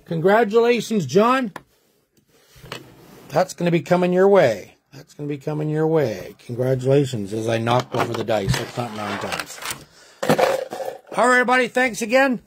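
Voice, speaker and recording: A man's voice: on the high side, sing-song, unhurried, pauses often, pushed and bright, husky. A man hosting a sports card break, chatting folksily to viewers as he rolls dice and calls out teams. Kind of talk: casual live card break commentary.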